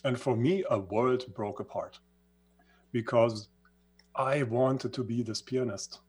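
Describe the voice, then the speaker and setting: A husky-voiced man, not a native English speaker, recounting his past in an interview. He talks earnestly at a middling pitch, restating phrases as he searches for the right word. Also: slow, a little mellow. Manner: earnest, searching for words, repeats himself. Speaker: guest. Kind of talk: reflective storytelling in conversation.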